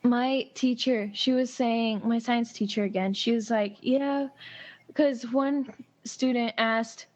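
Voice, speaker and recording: A woman's voice: a little high, fairly even intonation, slow, darkish tone, low-quality recording. A teenage girl in casual chat, telling school stories and giggling often. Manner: storytelling, giggly. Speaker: co-host.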